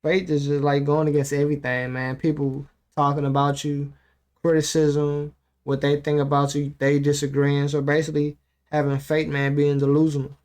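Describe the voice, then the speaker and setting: A man's voice: fairly high pitch, monotone, moderate pace, a little mellow. Laid-back man, slangy casual commentary. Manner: slangy, loose, talks straight to viewers. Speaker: channel host reacting to an audiobook.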